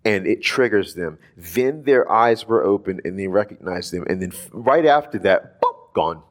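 A man's voice: sits low, normal speed. A man preaching in a casual, conversational way, talking through a Bible passage with lots of asides. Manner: animated, conversational, lots of "like" and "right?". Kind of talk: casual sermon.

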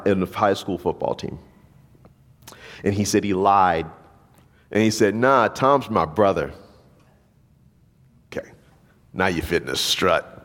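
Guy preaching, lowish voice, tells stories n does the voices, big echoey church. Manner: storytelling, acts out voices in the story. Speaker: pastor. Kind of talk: sermon.

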